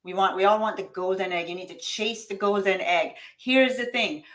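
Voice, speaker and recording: With a medium pitch and moderate pace, a woman full of energy leads live online coaching about money mindset. She talks emphatically to viewers as if they were in the room with her, occasionally reading their typed comments back to them.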